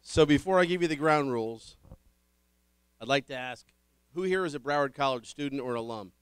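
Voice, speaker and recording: A man with a medium-pitched, clear, resonant voice talks fairly quickly while hosting a public dinner forum. He offers upbeat announcements, welcoming the audience, running through the ground rules and introducing the panelists, with no room sound on the recording.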